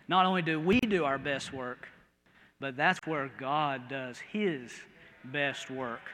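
Folksy Midwestern pastor, man, high and very bright tone, sermon in a reverberant church. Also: a little hiss or hum. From American Midwest. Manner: folksy, storytelling, swings from quiet to loud. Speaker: preacher.

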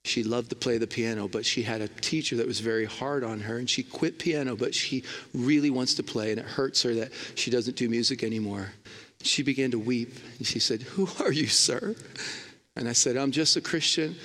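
A man's voice: mid-range voice, fairly bright tone. A man preaching a sermon, telling a personal story with emphatic, swinging delivery. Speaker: guest preacher. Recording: long hall reverb.

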